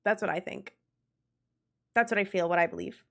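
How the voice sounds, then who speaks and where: A young adult woman streaming a game and chatting casually with her viewers, animated and quick to laugh, swearing freely. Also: medium pitch, gravelly. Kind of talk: casual live-stream chat.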